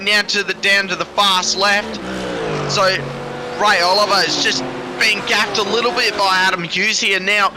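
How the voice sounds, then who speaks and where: An excitable man calls a sim race with a high, eager voice and a rambling, breathless delivery. A steady layer of noise sits behind him on the recording. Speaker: sim racing commentator. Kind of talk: live race commentary. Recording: noisy background.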